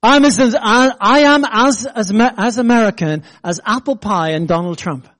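A middle-aged British man preaching a sermon with an English accent, animated and joking at his own expense as he makes his point. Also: high-pitched, moderate pace. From Britain. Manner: animated preaching with self-deprecating jokes and laughter. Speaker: pastor.

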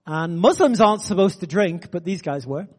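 A man preaching a sermon, telling a story with animated energy. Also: high voice, normal speed, breathy edge, big-room sound. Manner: animated, building excitement in anecdotes.

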